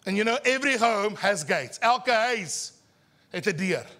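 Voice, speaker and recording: A man from South Africa with an Afrikaans South African accent, preaching a sermon at a church service in an animated, teasing way, slowing his words for emphasis. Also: high voice. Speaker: pastor.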